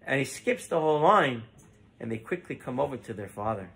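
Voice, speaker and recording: A man's voice: mid-range voice, expressive, a little fast, vocal fry, a bit bright, slightly rough. A man giving a Torah lesson as a rabbi, telling stories and mixing Hebrew terms into his English.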